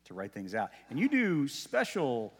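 A man's voice: medium pitch, wildly swooping pitch, normal speed, a bit bright, husky. Folksy pastor man in an echoing church. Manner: conversational, folksy preaching with asides. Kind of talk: sermon. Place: church sanctuary. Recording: long reverb of a church hall.

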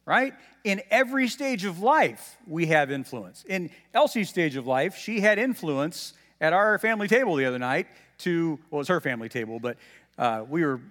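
A man's voice: a little high, fairly bright tone. A male pastor giving a sermon in a conversational, folksy way, with casual asides to the congregation. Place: church sanctuary. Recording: long reverb of a church hall.

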